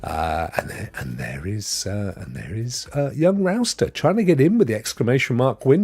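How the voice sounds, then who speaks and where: A middle-aged man runs a casual live stream, greeting viewers by name and wandering into rambling asides. His pitch is animated and moves a lot. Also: moderate pace, gravelly, hardly any pauses, husky. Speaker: livestream host.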